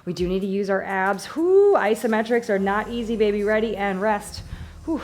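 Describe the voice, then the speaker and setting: A woman's voice: mid-range voice, lively intonation, normal speed, darkish tone. A woman leading a workout as fitness instructor, upbeat and encouraging, counting reps and getting out of breath. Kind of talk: live workout coaching.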